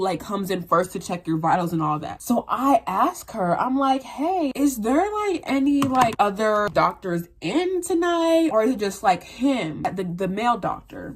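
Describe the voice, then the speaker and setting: A young woman telling a storytime vlog, animated and profane, squealing into high voices for quoted lines. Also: noisy background.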